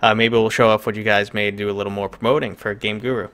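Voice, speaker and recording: A man's voice: lowish voice, level tone, fast, fairly bright tone, clean tone. Chatty New York man hosting a stream. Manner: loose, chatty, joking, with many fillers. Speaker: streamer host. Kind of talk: casual live-stream chat.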